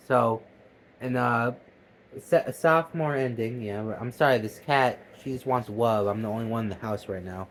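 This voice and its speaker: A man's voice: mid-range voice, moderate pace, a little hiss or hum, poor audio. A young man vlogging at home, telling a rambling story with lots of swearing and stammered restarts. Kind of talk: casual storytelling.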